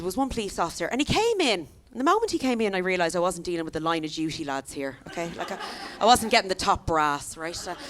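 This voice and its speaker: A woman's voice: mid-range voice, fairly bright tone, a little hiss or hum. A young Irish woman performing a stand-up comedy set, telling stories in a chatty way with lots of tag questions. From Ireland. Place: comedy venue stage.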